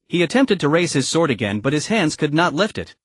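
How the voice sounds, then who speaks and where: A man reading a first-person martial arts story as an audiobook narrator, in an even storytelling manner. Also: on the high side, fairly quick, dry recording.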